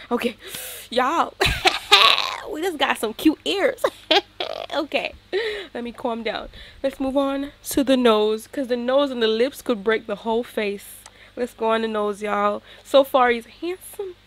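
A woman giving chatty, excitable commentary to her viewers as she plays a life-sim game, a gaming YouTuber talking casually to her audience. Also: a little high.

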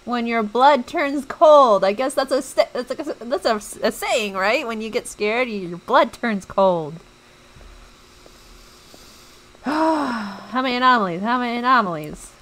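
This let's-play clip features a young woman streaming a game, jumping at things and chatting to her audience as she goes. Her voice is a little high, expressive and fairly bright in tone, and she talks slowly; the recording is rough.

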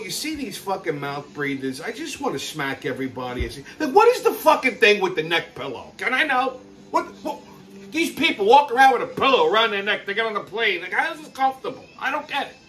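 Guy going off about airports, high voice, bright and sharp, cussing every other word. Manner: exasperated, crude, swears constantly. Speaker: podcast host. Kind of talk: profane comedic rant.

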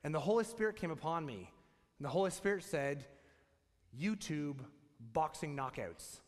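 Animated storytelling pastor, man. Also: fairly high pitch, fast talker, big-room sound. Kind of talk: sermon.

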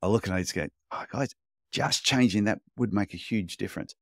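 Low-voiced aussie guy chatting on a podcast, blunt storyteller, dry close sound. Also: fairly quick, a bit bright, dry recording. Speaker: podcast co-host, podiatry business coach. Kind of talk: casual podcast chat.

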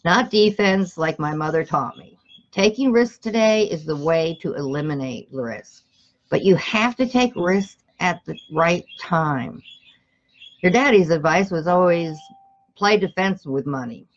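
A woman's voice: fairly low pitch, lively intonation, measured pace, highs cut off. A woman reading a self-help book aloud, stumbling and correcting herself now and then, and breaking off to speak straight to her listeners. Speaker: motivational reader.

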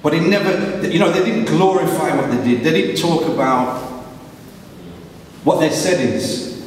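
A middle-aged man from England, a guest speaker giving an animated storytelling talk to a live audience, slipping into street voices for quotes. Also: a little high, unhurried. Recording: echoey hall, voice from far off, faint noise.

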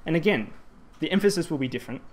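A man's voice: fairly high pitch, expressive, very fast. Man giving a language talk. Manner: explanatory, frequent ums and restarts. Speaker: Japanese language presenter. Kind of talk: conference presentation. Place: presentation hall.

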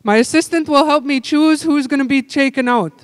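A man leading a language-camp group game indoors, calling out playful, energetic instructions. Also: very high voice, fairly quick, dry recording. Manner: energetic, playful, giving loud calls and instructions. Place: indoor room with tables.

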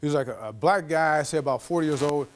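A man giving a lecture as an animated storyteller, acting out the voices of the people in his anecdote. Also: a little high, fast. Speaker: guest lecturer.

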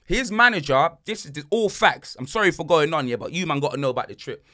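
Young man, bright voice, pitched a bit high, casual storytelling. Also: fast. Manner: animated, slang-heavy, acts out voices in his stories. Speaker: podcast host.

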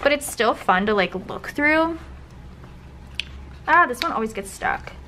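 A young woman chats her way through old planner spreads, gushing and dropping into soft, breathy asides. Her voice sits a little high. A faint background hiss runs under the home recording. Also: expressive, measured pace. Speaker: planner vlogger. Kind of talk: casual flip-through commentary.

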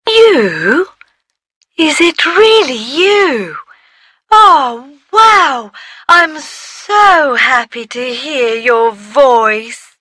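A woman voicing a friendly playful preschool cartoon character who talks slowly and sets riddles for a child. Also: sits high, no room sound, studio quality, heavily acted. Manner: slow, animated, posing riddles to a child.

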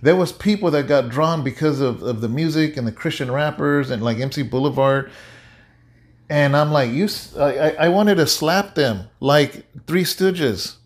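Animated man preaching in casual chat. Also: a little high, moderate pace. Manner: animated, repetitive, conversational preaching. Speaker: pastor.

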